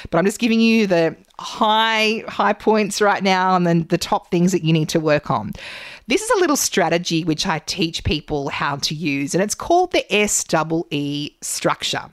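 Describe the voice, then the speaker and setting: A woman hosting a podcast, giving public speaking tips in an animated, gesturing way from a studio microphone. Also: fairly low pitch, moderate pace, no echo. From Australia. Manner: animated, gestures a lot while talking. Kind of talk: solo podcast teaching.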